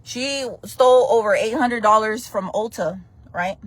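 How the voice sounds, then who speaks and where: A woman's voice: a little high, expressive, measured pace, no echo. A sassy, blunt woman, hosting a casual gossip news live stream and calling her viewers "friends" and "baby.".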